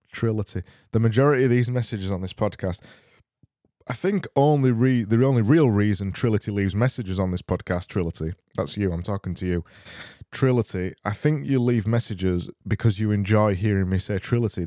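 Deadpan low-voiced man, dry close sound. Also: moderate pace, dry recording. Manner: deadpan, rambling sarcastic humor. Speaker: podcast host. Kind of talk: casual solo podcast, reading listener messages.

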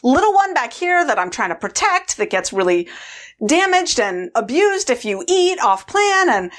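A woman voicing her inner food controller as a stressed young professional woman, tense and rushed. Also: on the high side, very animated, voice pushed up. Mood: agitated. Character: stressed young woman manager part, agitated.

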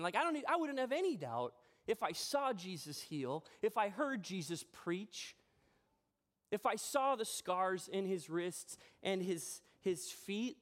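A man preaching a sermon as pastor in a church, telling a personal story in a chatty, animated way with self-deprecating humor. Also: high voice, normal speed. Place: church sanctuary.

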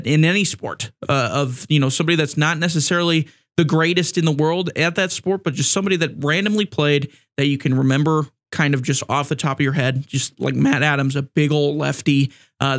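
A man's voice: a little high, creaky. A man hosting a sports podcast, talking casually in a rambling way, restarting phrases and adding sarcastic asides. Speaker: podcast host.

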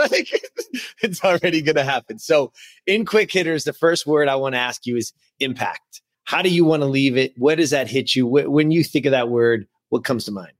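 Energetic, emphatic male podcast host. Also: no echo. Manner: energetic, emphatic, pitch jumps up for excitement. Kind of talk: casual interview chat.

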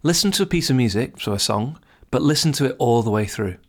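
A man's voice: mid-range voice, lively intonation, fast. A man hosting a podcast, giving earnest, encouraging advice straight to the listener in a casual monologue. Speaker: podcast host.

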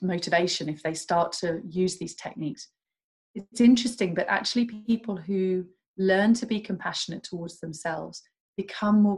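A woman with a fairly low voice speaks as a podcast guest. She explains calmly and gently, with a warm coaching patience. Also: poor audio. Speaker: guest, doctor and self-compassion coach. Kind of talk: podcast interview.

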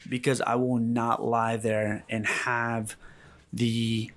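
A man's voice: mid-range voice, level tone, slow, a bit bright. A man hosting a podcast, earnest and motivational, acting out quotes in his stories. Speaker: podcast host. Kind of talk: casual podcast chat.

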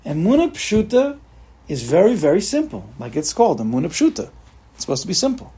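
Animated man teaching a religious class. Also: high voice, a little fast, slightly rough. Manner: animated, repeats himself, acts out examples. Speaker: teacher leading a Torah study group. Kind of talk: informal religious class talk.

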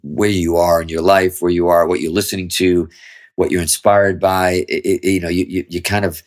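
A middle-aged man with a very low, deep voice speaks as a guest guitarist in an easygoing interview. He talks candidly and at length, swearing freely as he works through his ideas. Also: flat delivery, normal speed. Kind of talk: casual interview chat.

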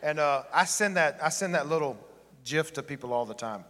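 A man's voice: on the high side, expressive, a little fast, sharp tone, long reverb tail. A man pastor giving a sermon in a church, joking and chatting with the congregation. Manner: joking, conversational preaching with the congregation. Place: church sanctuary.

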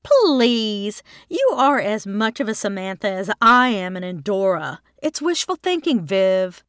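A woman voicing a cheerful young mother who is skeptical and quickly flustered, in a bright, exclaiming way. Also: mid-range voice, sing-song, clear, resonant tone, no room sound, clean studio sound. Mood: defensive.

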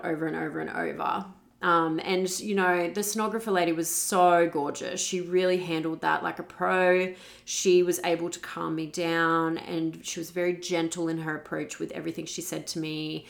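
A woman's voice: on the low side, flat delivery, moderate pace, vocal fry, a bit bright. A young woman hosting a podcast, telling her own story candidly and emotionally, and acting out her past words. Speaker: podcast host. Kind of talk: personal storytelling.

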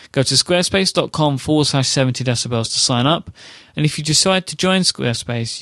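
Male podcast host, mid-pitched, eager sponsor-read delivery, dry studio sound. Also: fairly bright tone, no room sound. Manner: chatty, enthusiastic ad read with fillers. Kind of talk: casual podcast chat with ad read.

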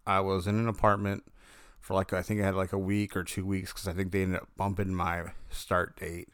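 A man's voice: low-pitched, monotone, fairly quick, smooth, no room sound, clean studio sound. A man casually telling a long, rambling story about his dreams, often correcting himself mid-sentence.

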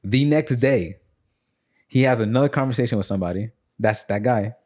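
A young man chatting casually on a podcast, telling stories and acting out quotes in high voices. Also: fairly quick. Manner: animated storyteller, acts out quotes in high voices. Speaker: podcast host. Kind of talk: casual chat.

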